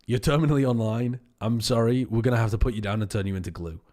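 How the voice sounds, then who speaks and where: A man's voice: medium pitch, fast, dark tone. A man hosting a casual stream, rambling and joking crudely with guests. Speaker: stream host reviewing match recordings. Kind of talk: casual chat.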